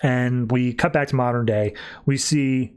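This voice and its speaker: A man's voice: mid-range voice, steady tone, a little slow, darkish tone, smooth. A man hosting a podcast, casually recapping a comic book issue and leaning on "like" as he retells the plot. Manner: chatty, peppered with "like". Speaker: podcast host.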